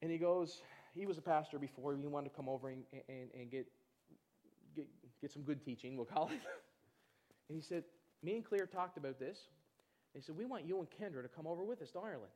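A man preaching, telling a personal testimony in an animated storytelling way and acting out other people's voices. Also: fairly high pitch. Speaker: pastor. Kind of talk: testimony in a church sermon.

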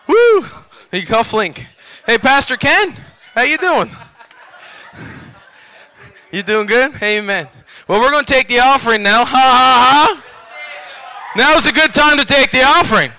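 Male revival preacher, very high and sharply bright, exhorting his church in call-and-response. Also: rough recording. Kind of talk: revival sermon. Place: church service.

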